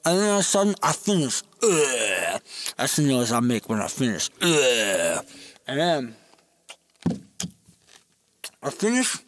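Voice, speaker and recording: A man's voice: mid-range voice, very animated, normal speed, pauses often, slight background noise. A man telling a crude, rambling comedic story in a casual ASMR storytelling style.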